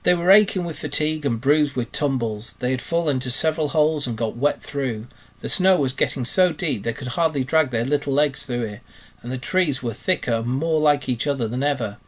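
A man, a teacher, reading a children's story aloud in a steady, expressive narrating voice. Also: medium pitch, brisk.

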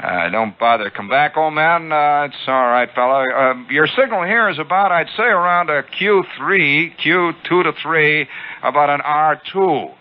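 A man's voice: a little high, moderate pace, pitched above the performer's own voice, lightly acted. A man voicing a brusque, condescending veteran male radio operator in a raised voice, heard on a dull, lo-fi archival radio recording. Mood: dismissive.

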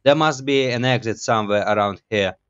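Excitable man, slightly dull mic. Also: mid-range voice, fairly quick, smooth. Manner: excitable, jokey, laughs at himself. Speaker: gaming YouTuber. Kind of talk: casual let's-play commentary.

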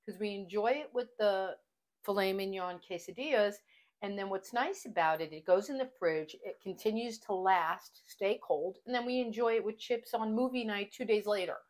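In her kitchen, a middle-aged woman presents a laid-back home cooking vlog, full of chatty enthusiasm as she offers tips. She talks at a moderate pace with a medium-pitched voice.

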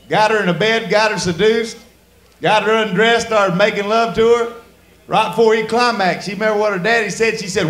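A man's voice: high-pitched, fairly bright tone, echoey room. Crude drawling stand-up man. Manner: crude, drawling storyteller acting out voices. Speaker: stand-up comedian. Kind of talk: stand-up comedy set. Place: comedy club stage before a laughing audience.

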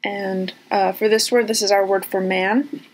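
Slow, patient woman teaching pronunciation. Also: mid-range voice, level tone. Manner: slow, patient, repeats each word with many fillers. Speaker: language teacher. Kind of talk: pronunciation lesson.

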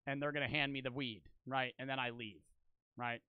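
Bright-voiced, profane young male streamer. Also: medium pitch, little pitch movement, fairly quick, clear, resonant tone, no room sound. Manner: rambling, profane, joking. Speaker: streamer reacting to videos. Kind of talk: casual stream chat.

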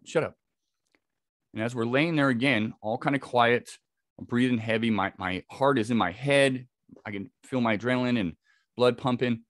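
A man's voice: medium pitch, no echo, clean studio sound. A man, a podcast guest, telling a vivid first-person encounter story with frequent restarts. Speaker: podcast guest, Bigfoot researcher.

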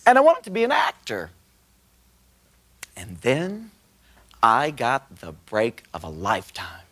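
A comedian performing a one-man stage show, telling stories in a theatrical, animated way. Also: medium pitch, slow, husky.

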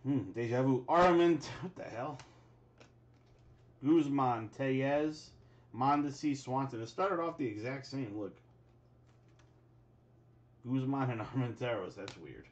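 A man's voice: mid-range voice, slow, pauses often, lo-fi sound. Man calling out cards during a break. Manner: rattles off player names, bursts into excited exclamations. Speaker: card break host. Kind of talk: live card-pack opening commentary.

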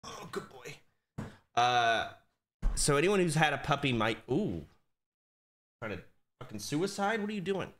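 A man streaming from his desk, talking casually and swearing now and then, slipping into high baby talk with a puppy. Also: big pitch swings, normal speed, long pauses, fairly bright tone. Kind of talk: casual live-stream chat.

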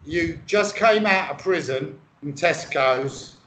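A man's voice: on the high side, lively intonation, slow, fairly bright tone, a little hiss or hum. A man in casual comedic banter, swearing freely and playing along as podcast co-host. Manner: crude, swearing, playfully goes along.

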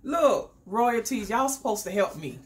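Woman vlogger, excitable, lively pitch, slow easy pace, faint room ambience. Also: slight background noise. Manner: chatty and excitable, talks straight to viewers. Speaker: beauty vlogger. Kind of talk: casual unboxing vlog. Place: home indoors.

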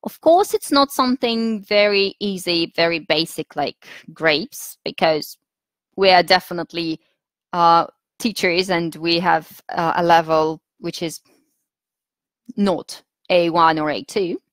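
A woman with a Russian accent leading a webinar lesson for teachers, patient and instructive, pausing often with fillers as she thinks. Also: fairly low pitch, no room sound. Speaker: teacher trainer.

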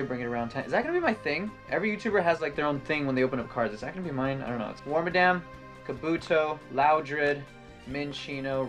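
A young adult host chats excitedly through a card-opening session and calls out each card as it turns up. The voice sits at an ordinary middle pitch. Quiet music plays faintly underneath. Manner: excitable, chatty, reads card names aloud. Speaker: channel host. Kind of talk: casual card-opening commentary.

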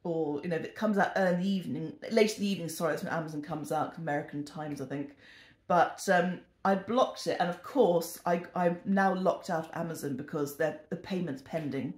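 A woman's voice: fairly low pitch, brisk, darkish tone. A British woman vlogger telling a rambling, self-deprecating storytime at home in a casual, chatty way. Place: indoors in a home. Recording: echoey room.

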